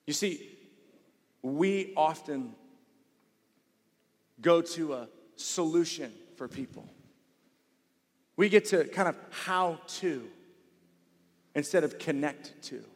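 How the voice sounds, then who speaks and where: A man preaching with a fairly high voice, pressing his points hard and then dropping to a hush, often repeating a word for stress. His voice rings through a large sanctuary with a long reverb tail. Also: slow pace, pauses often. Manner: emphatic preaching, swinging from loud to hushed. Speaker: pastor. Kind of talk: sermon.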